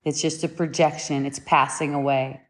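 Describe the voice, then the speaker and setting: Woman teacher talking spirituality, lowish voice, slow and reflective, keeps rewording things. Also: flat delivery. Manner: unhurried, repeats and rephrases her points.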